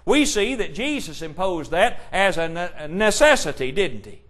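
A man's voice: high voice, very animated, normal speed, fairly bright tone. A man preaching a sermon, emphatic and full of rhetorical questions, quoting scripture in old-fashioned wording.

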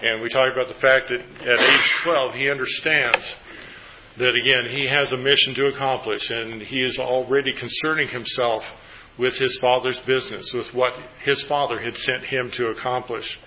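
A man's voice: mid-range voice, level tone, normal speed, pushed and bright, muffled recording, a little hiss or hum. A man leading a group Bible study, asking the group questions and then recapping their answers.

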